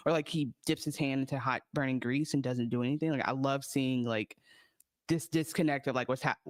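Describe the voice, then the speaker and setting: A man's voice: mid-range voice, fairly even intonation, fairly quick, no room sound, clean studio sound. A man co-hosting a podcast, chatting casually about a TV episode in a rambling, enthusiastic way with many restarts. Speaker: podcast co-host. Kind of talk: casual TV recap chat.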